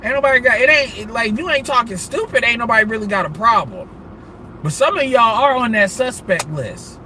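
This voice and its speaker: A man's voice: very high voice, lively intonation, brisk, sharp tone, a little hiss or hum. A man ranting casually on a live stream, profane and rambling, breaking into laughter. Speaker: livestreamer.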